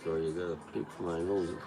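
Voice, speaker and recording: A man's voice: sits low, flat delivery, normal speed, over music, rough recording. A man with a Serbo-Croatian accent chatting casually on a livestream, rambling, swearing and laughing often, recorded on a tablet's built-in mic. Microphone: tablet device mic.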